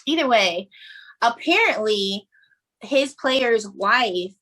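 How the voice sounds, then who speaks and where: A woman guest on a podcast, telling a story in casual chat, animated, frank and bawdy. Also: fairly high pitch, slow pace.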